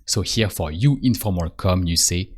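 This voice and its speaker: A man teaching a language lesson, patient and repetitive, pausing so the learner can answer. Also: sits low, slightly rough. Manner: slow, patient, repeats phrases and pauses for the learner. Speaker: French teacher. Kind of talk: calm spoken language lesson.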